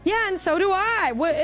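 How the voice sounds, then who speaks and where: High-voiced blunt woman streamer. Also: fairly bright tone. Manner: blunt, exasperated, swears a lot. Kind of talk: casual chat.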